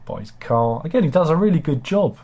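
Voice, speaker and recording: A man's voice: fairly high pitch, lively intonation, a little fast, mellow. A man with a British accent hosting a casual satirical news chat, rambling and self-deprecating with asides. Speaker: host.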